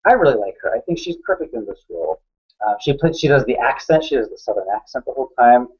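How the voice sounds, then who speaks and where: A man's voice: mid-range voice, lively intonation, fast talker, a little mellow, husky. A man co-hosting a casual, opinionated conversation about awards contenders, talking with enthusiasm. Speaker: awards editor and co-host. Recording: dull lo-fi sound.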